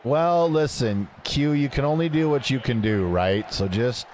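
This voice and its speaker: Slow-talking, lively man streaming a game. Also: medium pitch, a little hiss or hum. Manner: chatty, joking, reads chat messages aloud. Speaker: gaming streamer. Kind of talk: casual live-stream chat while gaming.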